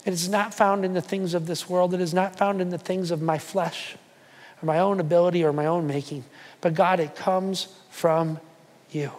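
A man preaching a sermon to a church, emphatic and repetitive, sinking into soft prayer. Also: high-pitched, steady tone, normal speed, big-room sound. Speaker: pastor. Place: church hall.

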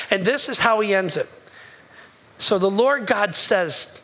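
A man's voice: high-pitched, normal speed, bright, forceful tone, rough recording. A male pastor giving a sermon in a church, impassioned and conversational, asking the congregation questions.

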